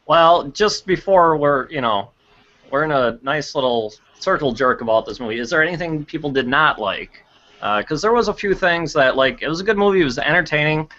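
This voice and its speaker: A man's voice: a little high, expressive, a little fast, pushed and bright. A man co-hosting a casual podcast chat, blunt and sarcastic, swearing freely. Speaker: podcast co-host. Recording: dull lo-fi podcast audio.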